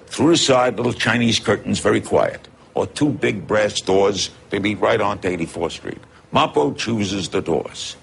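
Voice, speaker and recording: A man's voice: on the low side, normal speed, creaky, a little hiss or hum. An older man with a New York accent telling a comic anecdote, laughing as he goes. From New York City. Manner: animated storytelling, laughing often. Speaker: storyteller. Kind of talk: comic anecdote, archive clip.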